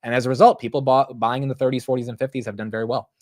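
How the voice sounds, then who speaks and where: A young man talks through a live market stream in a loose, chatty way, answering the chat between ticker updates. His voice sits at an ordinary middle pitch and sounds dry and close, with no room around it. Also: level tone, dry recording. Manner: chatty, quick asides to the chat, says "bro" and "dude". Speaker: livestream market commentator. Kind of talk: casual live market commentary.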